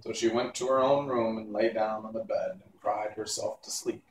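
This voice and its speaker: A man's voice: on the low side, steady tone, normal speed, distant mic, a little hiss or hum. Man reading a storybook in an echoey room. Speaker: reader.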